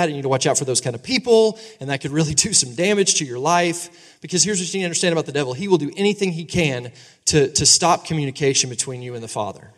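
A man in his thirties preaching a sermon as pastor, animated and conversational, often asking the congregation for agreement. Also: on the high side. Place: church sanctuary. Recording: long reverb of a large hall.

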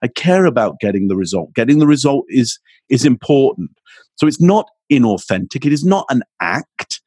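A man speaking as a communications expert guest in an interview, energetic and acting out little exchanges as he explains. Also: moderate pace, slightly rough, no room sound. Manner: energetic, acts out quoted exchanges with rising pitch. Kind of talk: animated interview answer.

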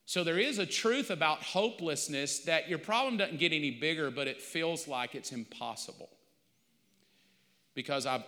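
A middle-aged pastor preaching a sermon, telling a personal story with animated back-and-forth dialogue. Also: male voice, fairly high pitch. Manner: animated storytelling, acting out both sides. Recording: long church reverb.

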